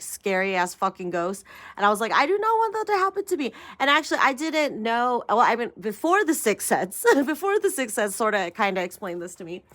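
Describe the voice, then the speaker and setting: A woman's voice: mid-range voice, a bit bright. A woman hosting her own tarot channel, chatting casually in a rambling way, laughing often and poking fun at herself. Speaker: tarot reader and channel host. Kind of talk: casual spiritual vlog chat.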